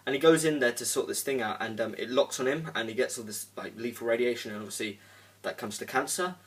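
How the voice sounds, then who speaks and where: A young man reviews a film at a quick pace in an ordinary middle-pitched voice, sitting a little back from the mic. He rambles loosely, filling gaps with "um" and "like," and swears casually now and then.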